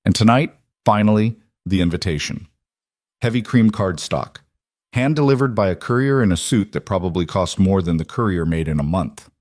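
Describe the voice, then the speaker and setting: Low-voiced male story narrator. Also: a little mellow, no room sound, studio quality.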